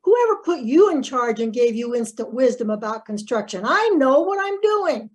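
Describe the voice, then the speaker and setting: A woman's voice: high-pitched, big pitch swings, normal speed. A woman voicing a defensive, irritated carpenter volunteer, reading a role-play script aloud on a video call. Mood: indignant.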